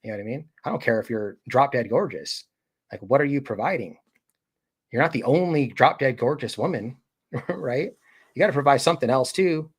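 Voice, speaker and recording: A husky, medium-pitched male voice, expressive and at a normal pace. The man hosts a casual live stream and rambles at chat, full of fillers, putting on voices whenever he quotes someone.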